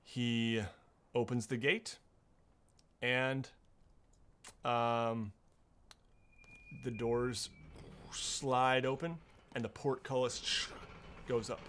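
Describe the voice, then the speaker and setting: A man running a tabletop game as game master, unhurried and hesitant with many fillers. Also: mid-range voice, little pitch movement, a bit bright, slight background noise.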